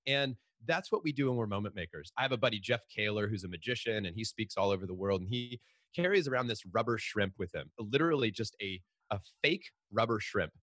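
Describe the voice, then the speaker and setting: Fast-talking man telling lively stories. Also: fairly low pitch, no room sound. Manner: fast, animated storytelling with frequent restarts. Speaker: guest, author. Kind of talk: storytelling in a podcast interview.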